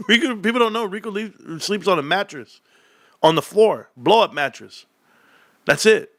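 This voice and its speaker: A man's voice: a little high, a bit bright. A middle-aged man hosting a casual livestream, rambling through slangy stories and laughing often. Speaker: livestream host.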